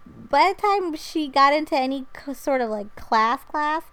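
A young woman co-hosting a podcast, chiming in with quick asides in a casual chat and laughing easily. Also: high-pitched, animated, a bit bright, dry recording. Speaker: podcast co-host.

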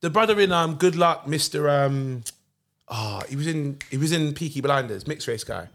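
A man with a London accent, hosting a podcast and telling stories in animated, slangy casual chat. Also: on the high side, normal speed. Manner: animated storytelling with slang like bruv. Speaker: podcast host.

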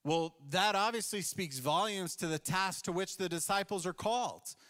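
A male pastor delivers a casual, story-driven sermon, slipping into little acted quotes as he talks. His voice sits a bit high for a man. The sound carries a long reverb tail, like a large church hall. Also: moderate pace, a bit bright.

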